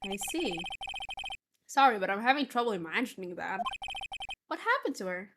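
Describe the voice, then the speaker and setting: A woman's voice: mid-range voice, very animated, moderate pace, heavy background noise, voice pushed down. Woman reading as a wry young lawyer. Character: young male defense attorney, dry and wry. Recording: game music behind.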